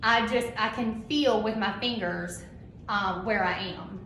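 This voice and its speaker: Upbeat woman teaching in an echoey room. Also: mid-range voice. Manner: loud, upbeat teacher who softens to a slow soothing voice for patients. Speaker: dental assisting instructor. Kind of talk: hands-on classroom demonstration. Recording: echoey room with faint noise.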